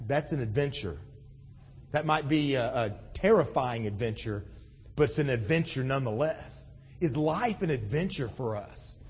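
Male pastor, high husky voice, chatty preaching style full of restarts, long hall echo. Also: darkish tone. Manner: conversational, many restarts and "you know". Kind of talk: sermon.

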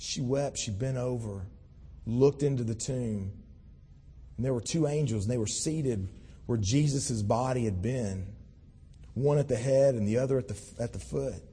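A man's voice: mid-range voice, moderate pace, dark tone, husky. A man preaching a conversational sermon, reading scripture and explaining it in an earnest, storytelling way. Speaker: pastor. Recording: long hall reverb.

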